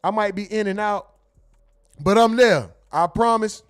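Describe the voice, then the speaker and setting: A man's voice: high-pitched, a little slow, clear, resonant tone. A man hosting a casual livestream, reading out chat comments in a loose, joking and profane way. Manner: loose, joking, profane, sings and mumbles to himself. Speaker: streaming show host.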